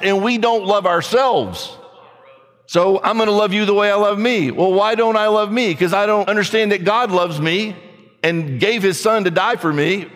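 A man's voice: high-pitched, fairly bright tone. Earnest preacher man in a reverberant hall. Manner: earnest, slows down to read scripture aloud. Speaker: pastor. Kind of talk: sermon.

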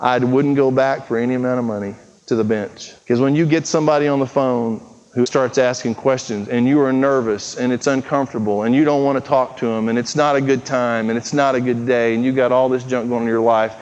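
A pastor preaching an earnest, urgent sermon, acting out quoted prayers and conversations. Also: male voice, mid-range voice, steady tone, fairly quick, darkish tone, clean tone. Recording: muffled, with long hall reverb.

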